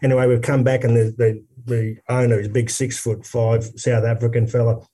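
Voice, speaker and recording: An Australian man spins a tour story in casual chat, his voice warm and mellow. He talks with lots of restarts and builds the yarn with energy. He sounds set back a little from the microphone. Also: mid-range voice, brisk, distant mic. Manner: animated anecdote teller, many restarts. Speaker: former rugby player, guest.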